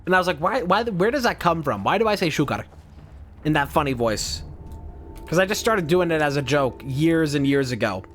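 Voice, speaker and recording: A man streaming a game, rambling and swearing casually as he thinks out loud. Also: on the high side, expressive, normal speed, slight background noise. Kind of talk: casual gameplay commentary.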